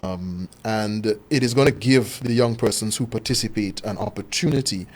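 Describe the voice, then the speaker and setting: A man speaking as a guest in a radio studio, with a fairly low voice. He explains outreach plans fluently and with a touch of humour. His delivery is steady and informative. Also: moderate pace. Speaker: communications officer, guest. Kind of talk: radio interview.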